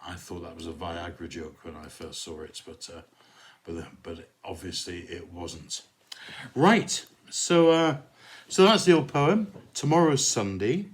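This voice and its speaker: A middle-aged pastor chatting casually in a jokey, rambling way, reading a poem and saying a prayer. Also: male voice, lowish voice. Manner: jokey, rambling, fond of puns.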